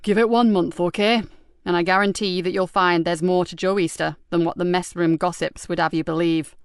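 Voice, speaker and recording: A woman's voice: lowish voice, fairly even intonation, fairly quick, smooth, no echo, close to an everyday voice. A woman reading an audiobook, voicing a blunt, loyal male police superintendent with dry humor. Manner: blunt, patient, dryly humorous. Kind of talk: audiobook character voice.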